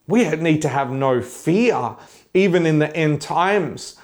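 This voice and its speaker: Fervent male pastor, higher voice. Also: animated, slow, a little mellow. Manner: fervent, repeats phrases for emphasis; declares encouragement to listeners. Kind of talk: online sermon.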